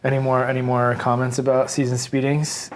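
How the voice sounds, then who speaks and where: Male podcast co-host, mid-pitched, playful and teasing in loose conversation. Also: monotone, a little hiss or hum. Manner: playful, teasing, quick to laugh. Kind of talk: casual podcast chat.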